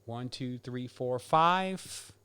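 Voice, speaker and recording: A man's voice: medium pitch, extremely slow, pushed and bright, clean tone. A man hosting a podcast, casually announcing giveaway winners and counting prizes aloud in an upbeat way. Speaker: podcast host.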